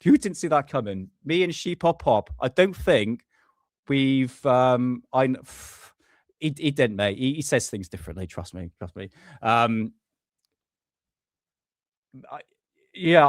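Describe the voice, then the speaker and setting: A man's voice: medium pitch, lively intonation, a little slow, long pauses, no echo. A man hosting a live stream, talking casually and ranting with swear words.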